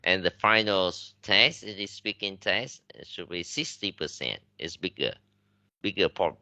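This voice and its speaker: A man's voice: sits low, animated, moderate pace, pushed and bright, no echo. A man with a Vietnamese accent giving a classroom lecture as an English teacher, switching between English and Vietnamese with many fillers and restarts.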